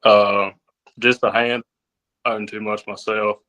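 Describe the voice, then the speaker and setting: A man's voice: on the low side, little pitch movement, unhurried, sharp tone. A nineteen-year-old man with a Southern American accent from Virginia, a farmhand giving brief, plain-spoken interview answers. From Virginia, USA. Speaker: podcast guest, farmhand.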